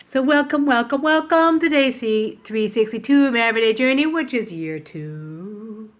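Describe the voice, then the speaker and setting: A woman's voice: a little high, expressive, normal speed, slight background noise. Older woman vlogger, casual and meandering, self-corrections, kitchen recording on a tablet. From Canada. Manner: chatty, rambling, self-interrupting. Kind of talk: casual chat to camera. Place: home kitchen. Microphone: tablet camera.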